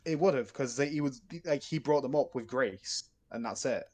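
Man, mid-pitched voice, argumentative, hesitant, casual chat. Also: normal speed, darkish tone. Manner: argumentative, hesitant, many fillers.

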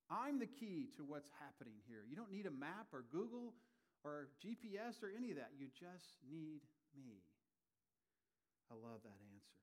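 Man, pastor, sermon, higher-pitched voice, animated delivery, swings between loud and soft. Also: moderate pace. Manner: animated, rising and falling in volume, acting out quoted voices.

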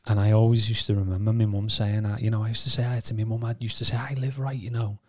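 Rambling man with low voice. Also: flat delivery, fast, darkish tone. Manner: rambling, many restarts and "you know" fillers. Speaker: podcast co-host. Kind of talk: casual personal testimony.

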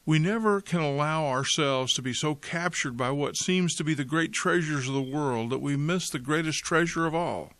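A man telling a story in a sermon, calm and reflective. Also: on the high side, normal speed, few pauses, no room sound. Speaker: pastor.

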